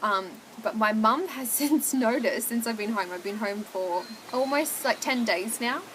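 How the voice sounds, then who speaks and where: A woman's voice: fairly high pitch, unhurried, a bit bright, slight background noise, poor audio. A young woman, talking candidly to camera at home in a chatty, confessional way, full of "like" and "oh my God". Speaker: vlogger. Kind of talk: candid casual chat to camera.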